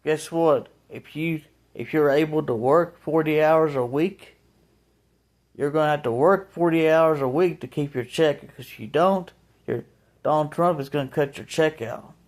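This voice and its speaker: A man's voice: fairly high pitch, normal speed, a little mellow. A man talking casually to his viewers in a rambling vlog, often restarting and repeating his words. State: emotional, voice breaking. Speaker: vlogger. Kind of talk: casual monologue to camera.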